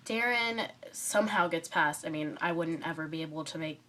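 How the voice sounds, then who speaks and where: A woman with a cold reviews a book in a casual vlog, her voice a bit low for a woman and congested. She rambles excitedly, fills pauses with ums and keeps wandering off topic. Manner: rambling and excitable, many fillers, drifts off topic. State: stuffy from a cold.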